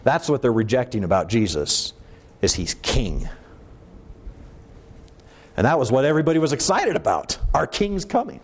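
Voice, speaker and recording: A man's voice: mid-range voice, very animated, normal speed, pauses often, slightly rough. A middle-aged man preaching a sermon, emphatic, asking rhetorical questions and letting his voice rise and fall for emphasis.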